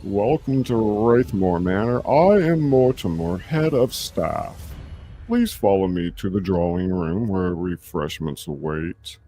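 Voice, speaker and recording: A man's voice: deep voice, expressive, slow pace, warm tone, slight background noise. A man voicing a stiff, formal male butler who is head of staff in a mystery play. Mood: stiffly formal.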